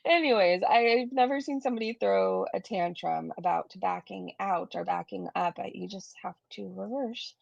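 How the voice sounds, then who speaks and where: Chatty woman streamer with gravelly fry. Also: medium pitch, moderate pace, hardly any pauses, no echo, muffled recording. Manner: chatty, reads viewer comments aloud, frequent swearing and laughs. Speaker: commentary streamer. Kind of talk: casual live-stream commentary.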